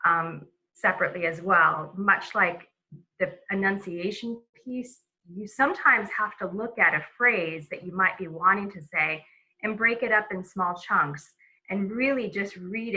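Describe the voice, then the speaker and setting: Bright-voiced woman teaching a webinar. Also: lowish voice, low-quality recording. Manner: conversational, with many fillers and restarts. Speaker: presenter. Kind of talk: webinar lesson.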